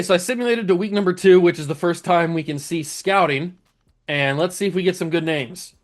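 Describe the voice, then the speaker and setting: A young man hosting a gaming channel, chatting casually and laughing while reading through odd player names. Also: on the high side. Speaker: gaming YouTuber host. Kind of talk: casual game commentary.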